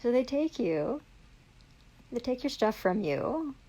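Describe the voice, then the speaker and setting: A woman's voice: on the high side, sing-song, takes it slowly, warm tone, poor audio. A woman on a live stream, ranting in a heavily profane, indignant and rambling way. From Canada. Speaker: livestreamer. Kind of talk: angry live-stream rant.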